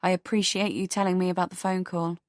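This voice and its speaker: A woman's voice: on the low side, little pitch movement, fast, dry recording, close to an everyday voice. A woman voicing an anxious heroine who speaks politely but guardedly, close to her own reading voice. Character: anxious young woman, the first-person heroine.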